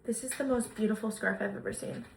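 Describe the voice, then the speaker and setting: A young woman chatting excitedly as she unboxes gifts for her vlog, gushing over each item. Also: medium pitch, quick pace, vocal fry. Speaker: lifestyle vlogger. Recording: echoey room, noisy background.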